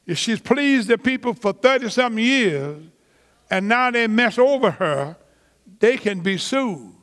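Slow, high-voiced preacher man, churchy reverb. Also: expressive, fairly bright tone. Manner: slow, emphatic preaching with drawn-out words and repetitions; colloquial vernacular grammar. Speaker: pastor. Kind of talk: sermon.

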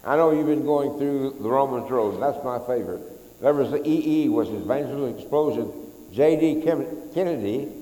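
A middle-aged male pastor preaches in a folksy, talkative way, leading the congregation in call-and-response chants. His middle-pitched voice rings through a large church hall, and a long echo trails after each phrase. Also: moderate pace, mellow. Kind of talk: sermon. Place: church sanctuary.

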